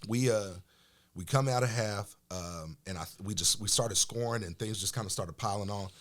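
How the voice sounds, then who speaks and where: A middle-aged man from Oklahoma, a podcast guest telling casual, animated stories about his football days. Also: lowish voice, moderate pace. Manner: animated storyteller, acts out quoted voices. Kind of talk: casual storytelling chat.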